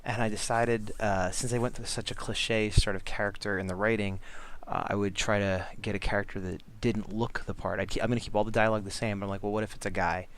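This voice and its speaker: A man's voice: fairly low pitch, little pitch movement, fast talker, few pauses, a bit bright, slight background noise. A man vlogging about making comics, talking casually with lots of fillers and restarts while he draws. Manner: rambling, many fillers and restarts. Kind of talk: casual chat over drawing.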